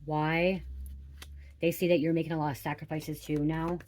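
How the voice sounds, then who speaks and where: This tarot reader chats directly with her viewers during a casual reading, letting out frequent swearing exclamations whenever she's caught off guard. Her low, slightly mellow voice moves at normal speed with a flat delivery, over slight background noise.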